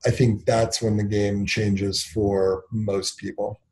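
Mellow-voiced man telling candid stories. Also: on the low side, little pitch movement, a little hiss or hum. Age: 30s. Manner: reflective, filler-heavy, acts out dialogue in quick bursts. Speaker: company CEO, guest. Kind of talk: candid interview storytelling.

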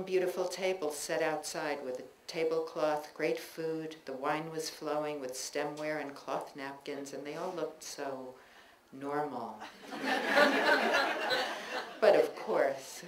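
A woman reading her own personal essays aloud to an audience in a bookstore, measured and reflective, with chatty asides between pieces. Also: low voice, steady tone, a little mellow, slight background noise. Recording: echoey room recording with faint ambience.

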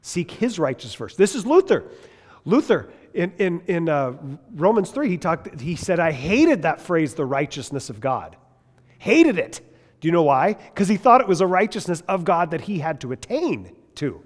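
A man teaching a Bible class in a lively, conversational way, asking his listeners questions as he goes. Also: a little high, moderate pace, in a large hall. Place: large classroom or hall.

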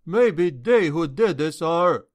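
A man's voice: on the high side, expressive, takes it slowly, voice pushed up. A man voicing a panicked young guard in an audiobook, crying out in alarm. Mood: uneasy. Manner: shouting in alarm.

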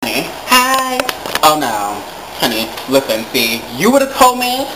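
A man's voice: a little high, huge pitch swings, measured pace. Sassy campy man in a noisy video. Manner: sassy, campy, heavy slang. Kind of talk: casual chat among friends.

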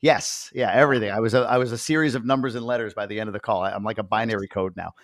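A man in his forties hosting a podcast interview, chatty and animated, acting out quoted voices. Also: lowish voice, rapid-fire. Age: 40s. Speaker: podcast host. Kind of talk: casual interview chat.

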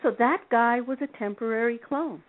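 Woman guest on a call-in radio show, animated, laughs a lot, sounds like a tinny phone line. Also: fairly high pitch, moderate pace. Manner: animated storyteller, laughs often. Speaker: relationship expert guest.

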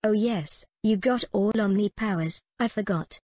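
A woman's voice: mid-range voice, normal speed, mellow, no echo, clean studio sound, close to an everyday voice. A woman playing an earnest young waitress.

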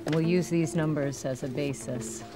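An actress playing a lawyer in a film, explaining a plan in a businesslike way. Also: female voice, sits low, fairly even intonation, normal speed, natural voice. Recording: movie clip with music behind.

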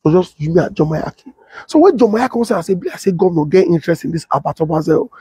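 Husky man with Nigerian Pidgin accent. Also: rapid-fire, dry recording. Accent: Nigerian Pidgin English. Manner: switches to high excited voice when quoting others. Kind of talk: animated storytelling with acted-out quotes.

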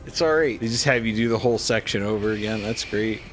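A man playing a video game in casual banter, making quick wry, incredulous remarks. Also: lowish voice, soft background music. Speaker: gameplay co-host. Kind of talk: casual let's-play banter.

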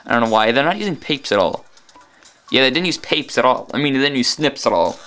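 A man's voice: medium pitch, lively intonation, brisk, a bit bright. A man giving casual gameplay commentary with joking, sarcastic asides. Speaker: let's play commentator.

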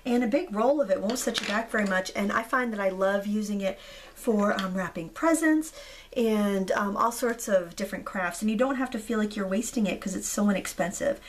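Craft tutorial host: woman, 30s, slightly hoarse, chatty and relaxed, faint noise behind. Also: mid-range voice, normal speed. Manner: chatty, relaxed, frequent ums. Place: indoors at a craft table.

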